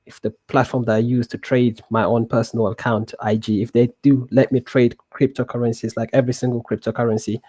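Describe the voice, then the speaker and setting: A man streaming live trading, answering viewer questions in a relaxed, rambling way with many restarts and fillers. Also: mid-range voice, a little fast, few pauses, no echo.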